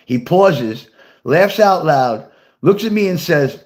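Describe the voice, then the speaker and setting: An older man reads his memoir aloud and breaks off to chat with the people watching. His voice sits a little high for a man and moves a lot in pitch. He swears freely and laughs at his own stories. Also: big pitch swings, extremely slow, long pauses. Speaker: author reading his memoir. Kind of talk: reading his memoir aloud and chatting with viewers.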